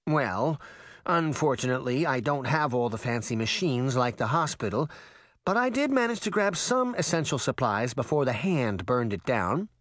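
A man's voice: mid-range voice, big pitch swings, moderate pace, fairly bright tone, dry recording, clean studio sound. Man doing a practical middle-aged nurse, slightly raised, explanatory, storybook. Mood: explaining. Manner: explanatory, matter-of-fact.

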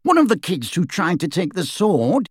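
A reader voicing an adult wizard on the run who speaks in a brisk, boastful manner. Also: medium pitch, very animated, slightly rough, no echo, studio quality, voice pushed up. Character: gruff adult wizard on the run, dry humor. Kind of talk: audiobook character voice.

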